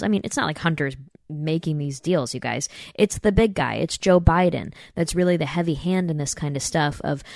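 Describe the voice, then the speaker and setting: A woman with a notably low voice hosts a commentary podcast. She talks emphatically and keeps turning to her listeners with "you guys". The sound is dry and close, with no room echo. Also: darkish tone. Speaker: podcast host. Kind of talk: political commentary.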